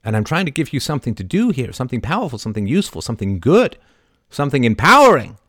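A middle-aged man hosting a live show, talking passionately and swinging from soft asides to loud, emphatic outbursts. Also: medium pitch, sing-song, quick pace, no echo, studio quality. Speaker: show host. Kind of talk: impassioned live-stream monologue.

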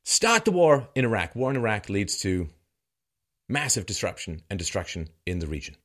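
A middle-aged man giving a sardonic monologue commentary that mocks what he criticizes, with bursts of laughter. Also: normal speed. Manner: sardonic, mocking, with lively swings in pitch and bursts of laughter.

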